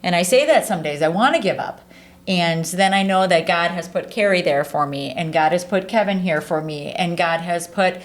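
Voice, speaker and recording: A woman's voice: fairly low pitch, normal speed. A woman in her forties speaking earnestly and from the heart in a casual interview, often saying "like" and "right". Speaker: charity staff leader.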